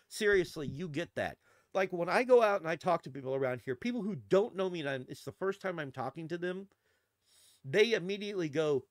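A man's voice: high-pitched, lively intonation, brisk, dry recording. Ranting, cursing man in his forties. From Texas. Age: 40s. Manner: profane, exasperated ranting. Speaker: vlogger. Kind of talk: casual ranting vlog.

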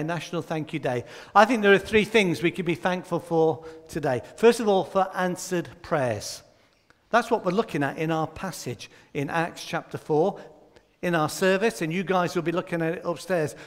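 A man with a fairly high voice leads a light-hearted children's slot in a church service. He quizzes the children by name and jokes as he goes. His voice rings out with a long reverb from the church hall. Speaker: church leader giving a children's talk. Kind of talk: playful all-age children's talk in a church service.

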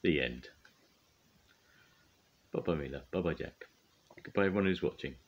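An older man, a grandfather, reading a children's storybook aloud in a gentle, expressive way. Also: extremely low pitch, normal speed, breathy edge, muffled recording.

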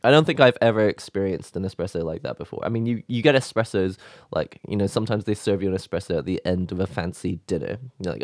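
A man hosting a casual vlog, talking excitedly and emotionally in a rambling way. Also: low voice, fast talker, no echo, clean studio sound. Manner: excited, rambling, with laughs and sighs. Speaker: YouTube host.

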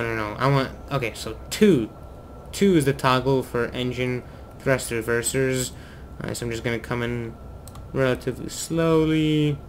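Excitable man narrating his gameplay. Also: medium pitch, slight background noise. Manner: excitable, talks to himself while flying. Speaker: gaming video host. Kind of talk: let's play commentary.

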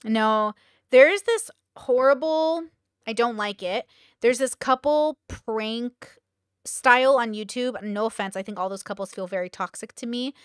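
A woman's voice: a little high, measured pace, clean tone, dry recording, clean studio sound. A woman content creator chatting candidly to camera in a rambling, confessional way. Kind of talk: casual talking-head chat.

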